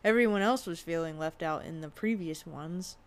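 A woman's voice: lowish voice, normal speed. A woman co-hosting a podcast, chatting casually about a movie with dry, teasing remarks and easy laughter. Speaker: podcast co-host. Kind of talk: casual movie review chat.

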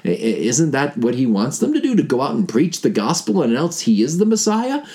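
A man teaching about the gospel story, telling it with animated energy, rhetorical questions and big swings between excited and quiet delivery. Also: fairly quick. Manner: swings from excited high pitch to low, quiet explaining. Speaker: Bible teacher.

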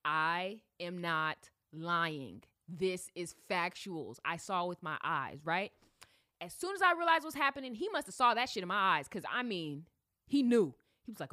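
A woman's voice: fairly low pitch, moderate pace. A woman hosting a podcast, telling a story in a casual, slangy way and acting out voices as she goes. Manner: animated, slangy, acts out voices. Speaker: podcast host.

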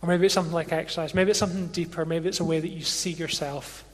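High-voiced man, gentle preacher in hall. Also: steady tone. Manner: gentle and inviting, slow and reflective. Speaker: pastor. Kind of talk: sermon closing in prayer. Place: church service with a band. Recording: long hall reverb with music behind.

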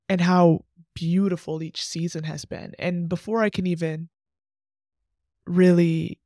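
A woman speaks earnestly on her faith podcast. Her voice is gravelly with frequent vocal fry, and her words are close-miked and dry. She talks reflectively and fills her speech with "like". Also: on the low side, mellow, no echo. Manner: earnest and reflective, heavy use of "like". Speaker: podcast host sharing a testimony. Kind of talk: casual faith podcast testimony.

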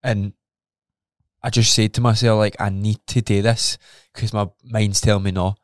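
On a candid podcast, a Scottish co-host recounts a personal story with open emotion and frequent swearing. He has a fairly low, level voice at normal speed, recorded dry with studio quality.

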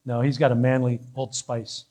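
A man's voice: medium pitch, little pitch movement, moderate pace, warm tone. A male pastor preaching a sermon in church, teasing the congregation and building to fervent calls.

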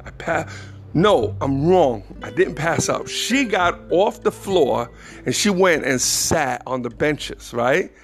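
A man's voice: fairly high pitch, lively intonation, takes it slowly, faint music behind. A man hosting a podcast and telling a personal story in a casual, slangy, self-mocking way, often breaking into laughter. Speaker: podcast host.

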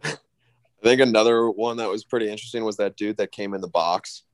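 Young guy rambling, lots of likes and ums, low dry voice. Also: fairly quick, no echo. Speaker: podcast co-host. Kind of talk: casual chat.

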